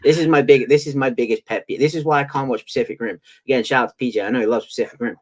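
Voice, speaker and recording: A man's voice: medium pitch, rapid-fire, darkish tone. An English man co-hosting a podcast, chatting casually and ranting playfully with restarts. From England. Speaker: podcast co-host. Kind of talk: casual chat.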